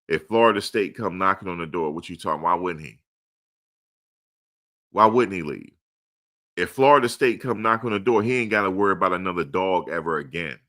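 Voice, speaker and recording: A man's voice: deep voice, a little fast, sharp tone. A man hosting a live sports stream, answering chat with emphatic, repeated rhetorical questions. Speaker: livestream host.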